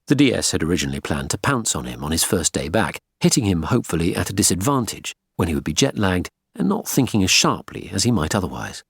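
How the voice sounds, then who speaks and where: Husky, low-voiced male audiobook narrator. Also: very animated, fast talker, few pauses, no room sound. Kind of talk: scripted narration.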